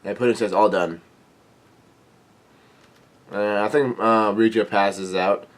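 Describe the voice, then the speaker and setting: Man reading a comic aloud, halting. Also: fairly low pitch, fairly even intonation. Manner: halting, many fillers and restarts, laughs while reading. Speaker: comic reaction video host.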